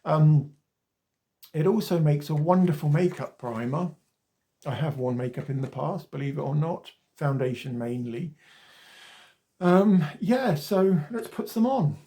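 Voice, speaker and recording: A rambling, chatty man in his late forties talks through a skincare demonstration to camera. His voice is mellow and gravelly, sitting a little high for a man. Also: expressive, a little slow. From Wales. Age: 40s. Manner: chatty and rambling, wanders off topic, mild swearing. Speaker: skincare vlogger. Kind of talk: casual talking-to-camera demonstration.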